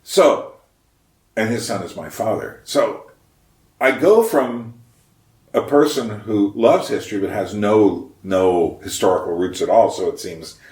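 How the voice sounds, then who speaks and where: A man talking about history in a casual, reflective monologue, thinking aloud with frequent pauses. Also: fairly low pitch, lively intonation, darkish tone. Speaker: history vlogger. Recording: roomy echo, mic at a distance.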